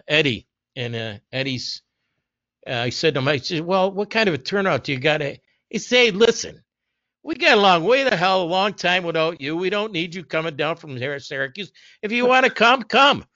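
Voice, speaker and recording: A man's voice: mid-range voice, bright, forceful tone, no room sound. A man reminiscing casually in a group conversation, rambling through anecdotes with many restarts and quoted dialogue. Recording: dull lo-fi recording.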